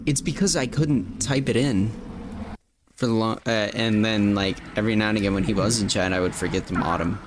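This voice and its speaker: A man's voice: fairly low pitch, brisk, noisy background. A young man hosting a gaming stream, firing back jokes and self-mocking comebacks in casual banter. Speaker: streamer host.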